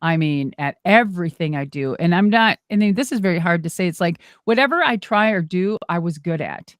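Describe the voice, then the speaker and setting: A middle-aged woman, a former wrestler and monster truck driver, telling stories in an animated, exclamatory way as an interview guest. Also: lowish voice, a little fast, dry recording, studio quality. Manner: animated, exclamatory, acts out quoted dialogue. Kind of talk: casual storytelling interview.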